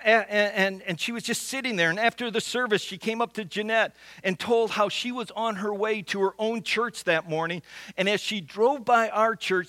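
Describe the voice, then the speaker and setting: A man preaching a sermon as pastor, earnest, slowing down to stress key lines and often restarting words. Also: sits high, sharp tone, no room sound. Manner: earnest, with frequent restarts and slow emphatic repetition.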